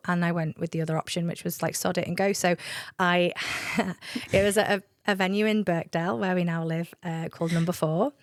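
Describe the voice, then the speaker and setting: A woman's voice: on the low side, fairly quick, dry recording, studio quality. A woman, chatting as a podcast guest and telling stories animatedly, acting out quoted voices. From England. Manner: animated storyteller, acts out quoted voices and laughs often. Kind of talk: casual podcast chat.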